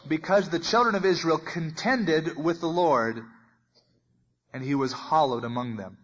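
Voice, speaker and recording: A man preaching a sermon and teaching verse by verse, talking in a conversational way and acting out the voices in the passage, with big swings in loudness. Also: a little high, unhurried. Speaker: pastor. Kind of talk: expository Bible teaching. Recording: muffled lo-fi recording.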